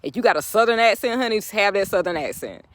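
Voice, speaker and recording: A woman's voice: medium pitch, expressive, fast talker, fairly bright tone, no echo. A woman speaking, giving a chatty, encouraging motivational talk to her viewers, turning preachy at times. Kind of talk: casual motivational talk to camera.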